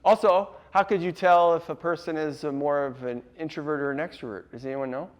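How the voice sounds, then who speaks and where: A man's voice: a little high, fairly even intonation, fairly quick. A man presenting a casual workshop to a live audience, laughing often and quizzing the room.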